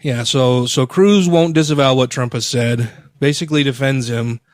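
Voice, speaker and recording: A man's voice: mid-range voice, moderate pace, no room sound. A man co-hosting a podcast, telling a long story in casual, profane chat. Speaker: podcast co-host.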